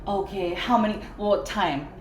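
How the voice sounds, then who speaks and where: A woman hosting a casual interview in a relaxed, chatty way. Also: medium pitch, measured pace. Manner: relaxed, chatty, laughs easily. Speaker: podcast host. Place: winery. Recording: roomy venue with crowd chatter behind.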